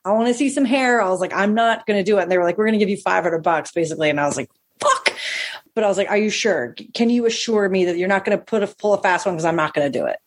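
Husky woman telling a profane story. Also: medium pitch, very fast, few pauses. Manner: animated, acts out quoted voices, swears freely. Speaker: stand-up comedian.

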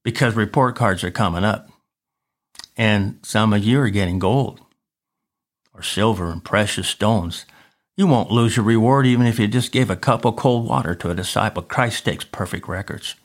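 A man with a fairly low voice shares a personal story in a devotional podcast. He tells it in an animated way and keeps chuckling as he goes. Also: moderate pace. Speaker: podcast preacher.

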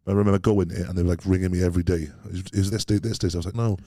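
A man's voice: deep voice, steady tone, rapid-fire, mellow, no echo, clean studio sound. A Welsh man telling stories as a podcast guest, rambling and laughing easily, full of British slang. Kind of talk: casual chat.

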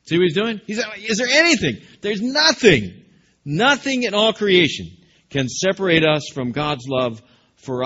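Male pastor, sermon, bright ringing voice, slightly high, emphatic, muffled lo-fi sound. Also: a little hiss or hum. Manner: emphatic preaching, questions to the congregation.

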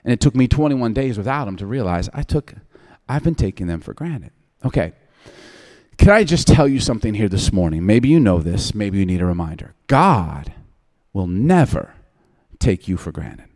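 Forties male pastor, funny and candid, voice swinging widely in pitch. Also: moderate pace. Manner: humorous, self-deprecating, candid; animated, often laughing. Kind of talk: storytelling sermon.

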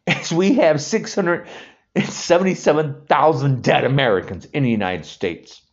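A man in his sixties launches into a furious, insulting rant, repeating himself, in a fairly high voice at normal speed. The recording sounds dull and lo-fi.

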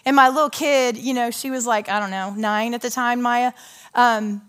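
A woman in her thirties giving a conversational, story-filled sermon from a stage, chatty and animated, often asking the audience questions. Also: a little high, moderate pace. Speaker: women's ministry speaker.

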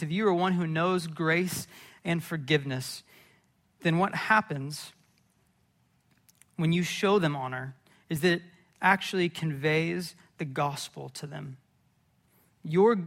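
A man in his thirties preaching a sermon, telling personal stories earnestly and acting out retold scenes with animated, rising voices. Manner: earnest storytelling, building to animated, high-pitched retellings. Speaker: pastor.

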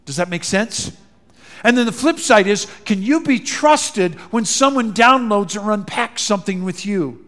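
A male pastor preaching an animated sermon that acts out quoted dialogue. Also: sits high, unhurried. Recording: long reverb in a large hall.

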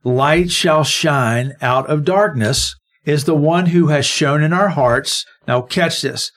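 Man, Bible study co-host, explanatory, stresses key words, conversational. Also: medium pitch. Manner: explanatory, emphasizes single words when unpacking verses.

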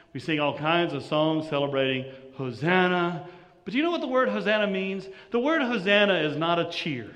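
A man preaching from the pulpit, his voice sitting fairly high for a man. He poses rhetorical questions to the congregation and swells into louder passages. The sound carries a long church reverb around it. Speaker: pastor. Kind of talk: sermon.

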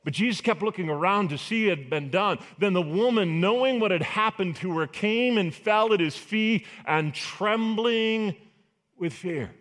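A man's voice: sits high, a little slow. A male pastor preaching a sermon, acting out the voices of the people in a Bible story. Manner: animated, acts out voices of biblical figures.

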